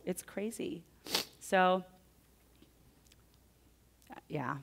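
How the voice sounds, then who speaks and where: A woman telling a personal story to a live audience, chatty and animated, often laughing. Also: on the low side, moderate pace, background noise. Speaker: speaker at a live event.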